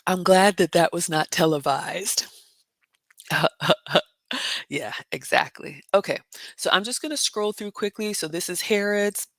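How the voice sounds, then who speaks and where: A woman hosting a casual livestream, reading viewer comments and telling a story with loud exclamations and hushed asides. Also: fairly low pitch, a little slow, no room sound. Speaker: livestream host.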